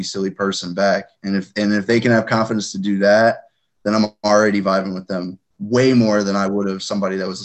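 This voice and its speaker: A young man co-hosting a podcast in casual chat, goofy and halting, often repeating himself. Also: on the low side. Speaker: podcast co-host.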